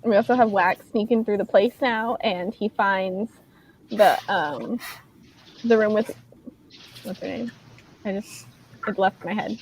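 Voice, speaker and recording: A woman's voice: medium pitch, a little mellow, lo-fi sound, slight background noise. A woman with a New England accent co-hosting a casual book discussion, giggly and full of fillers. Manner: giggly, uses lots of fillers. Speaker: podcast co-host.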